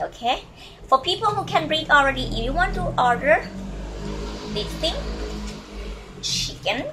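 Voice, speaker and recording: A woman whose first language is Thai, teaching a language lesson and slowly repeating words for learners to copy. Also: a little high, bright, forceful tone, a little hiss or hum, rough recording.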